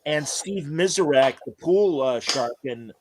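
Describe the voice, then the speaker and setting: A man's voice: on the high side, animated, a little slow, background noise. Rambling storytelling male podcast host. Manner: rambling anecdotal storyteller, many fillers. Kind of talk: casual interview chat.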